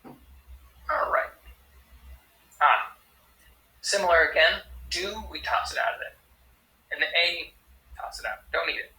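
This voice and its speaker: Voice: mid-range voice, lively intonation, slow, long pauses, pushed and bright, echoey room, low-quality recording. An interpreter voicing a sign language teacher's lesson, explaining step by step and often checking in with "right?". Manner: explanatory, frequent tag questions.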